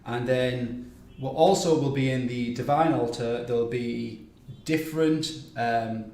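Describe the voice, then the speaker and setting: A man's voice: mid-range voice, a little slow, darkish tone. A man hosting a game live stream, running through upcoming events in a loose, chatty way with plenty of ums and restarts. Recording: echoey room with faint noise.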